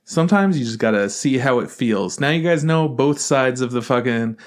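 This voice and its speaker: A man's voice: mid-range voice, lively intonation, moderate pace. Playful, teasing podcast host man. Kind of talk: casual podcast chat.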